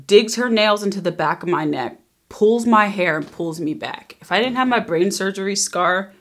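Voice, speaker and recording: A woman in her thirties telling a personal story in a casual storytime vlog, emphatic and animated, acting out what people said. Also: fairly low pitch. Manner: emphatic, animated retelling, acting out quoted lines.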